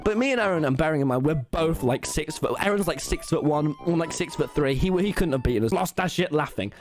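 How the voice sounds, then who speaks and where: A teenage boy telling an animated, rambling story to an audience, swearing freely and restarting his sentences. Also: fairly high pitch, brisk. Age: teens. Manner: excitable, rambling, swears a lot, frequent restarts. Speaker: streamer.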